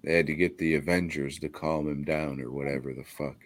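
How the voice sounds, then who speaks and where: A man's voice: a bass voice, fairly even intonation, brisk, a little hiss or hum. A man co-hosting a casual podcast, throwing in short wry quips and laughing often. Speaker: podcast co-host. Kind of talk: casual comedic chat.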